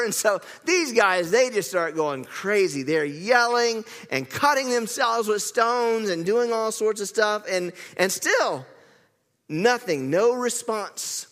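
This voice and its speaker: A man's voice: high-pitched, animated, slow pace, a bit bright, in a large hall. A man preaching a sermon, telling the story in a playful, chatty way and asking the crowd questions.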